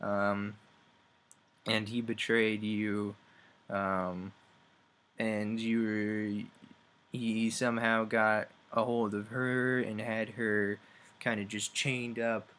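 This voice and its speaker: A young man giving a rambling, sarcastic comedic game review, acting out characters in quick voices. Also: lowish voice, fairly bright tone.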